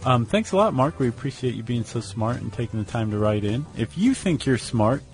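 A man's voice: medium pitch, animated, fairly quick, faint music behind. Wry, chatty male podcast host. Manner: friendly, wry banter. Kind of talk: casual podcast chat.

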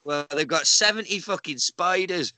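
A man's voice: high voice, moderate pace, sharp tone, no echo, poor audio. A man co-hosting a casual podcast, reading out odd news stories with lots of swearing and laughter. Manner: sweary, laughs often, mocks the story as he reads. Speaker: podcast co-host.

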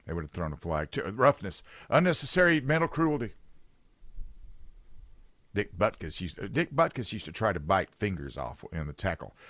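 A man's voice: low voice, pushed and bright, no echo. A man hosting a talk radio show, rambling and sarcastic in an opinionated chat from a studio.

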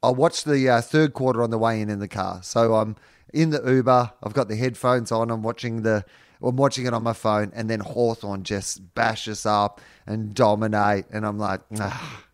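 An Australian man co-hosting a casual podcast, recounting a story with lively swings of feeling, swearing freely and breaking into laughs. His voice is mid-pitched and recorded close and dry. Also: normal speed, dry recording. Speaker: podcast co-host and stand-up comedian. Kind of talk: casual chat.

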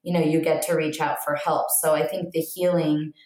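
A woman guest on a podcast speaks reflectively and softly, using plenty of fillers. Her voice is very low and flat in pitch. The recording carries an echo from the room. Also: normal speed. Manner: reflective and soft-spoken, with frequent fillers. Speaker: podcast guest, empowerment coach. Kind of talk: candid podcast conversation.

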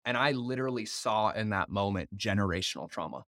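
A man hosting a podcast, telling stories in an animated way and swearing freely in casual conversation. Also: fairly low pitch, fairly quick, no echo, clean studio sound. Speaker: podcast host.

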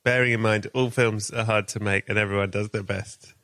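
A man's voice: on the low side, fairly even intonation, brisk, fairly bright tone, no echo. A man hosting a podcast interview, playfully spinning a gory comic scenario for his guest. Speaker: podcast host. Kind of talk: casual interview chat.

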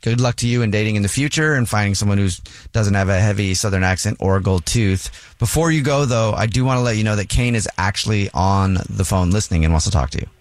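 A man's voice: on the low side, fast, dry recording. A man hosting a radio show phone segment, friendly and laughing easily. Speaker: radio host.

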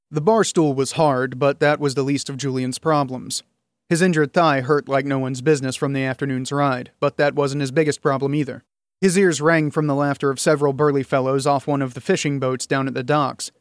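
A man's voice: medium pitch, no echo, studio quality. A man narrating a fantasy novel in scripted storytelling. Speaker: audiobook narrator.

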